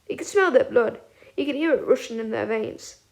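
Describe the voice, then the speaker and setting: A woman reading a fan audiobook aloud with expressive storytelling. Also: on the high side, normal speed. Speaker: audiobook reader.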